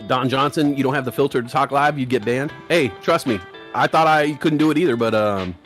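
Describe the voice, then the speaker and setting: A man's voice: mid-range voice, fairly quick, a bit bright, soft background music. A man hosting a live trading stream, joking with his chat and laughing often. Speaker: livestream host. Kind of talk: casual livestream chat and scripted channel read.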